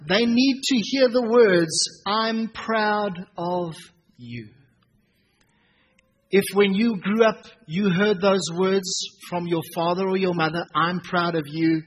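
A man in his thirties preaches from the pulpit in a high, slightly husky voice. He tells stories about his family with animated, acted-out dialogue. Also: rough recording. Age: 30s. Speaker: pastor. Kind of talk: sermon.

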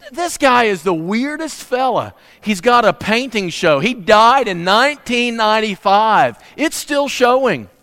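A middle-aged man preaching a sermon, telling stories lively and asking the congregation questions. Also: high voice, clear, resonant tone. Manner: animated storytelling with audience questions. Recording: reverberant hall.

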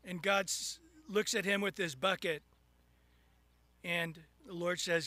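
A man preaching a sermon, animated, acting out little scenes and rising into sudden loud bursts. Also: high-pitched, takes it slowly, pauses often, no room sound. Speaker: pastor.

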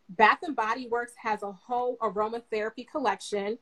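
Relaxed woman giving casual advice. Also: mid-range voice, fairly quick, hardly any pauses, slight background noise, rough recording. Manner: relaxed, conversational, many fillers. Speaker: guest therapist.

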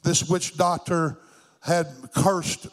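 A man's voice: a little high, flat delivery, takes it slowly. An older man preaching a fervent sermon, with a rhythmic, sing-song lilt.

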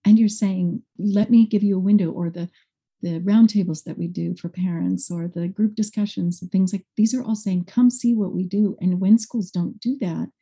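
A woman's voice: on the low side, moderate pace, husky. A woman school director as a podcast guest, talking expressively and acting out quotes in a conversational interview. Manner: expressive, animated, acts out quotes.

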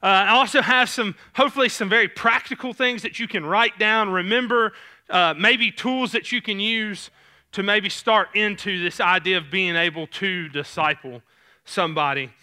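A youth pastor with a Southern US accent preaches a sermon from a church sanctuary stage, keeping it casual and conversational with lots of fillers. His voice sits high and sounds sharp, moving at a normal speed.

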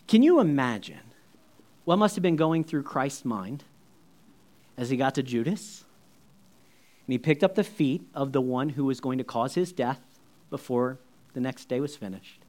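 A man preaching a sermon in a conversational, animated storytelling way, full of asides. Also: medium pitch. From United States. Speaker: pastor.

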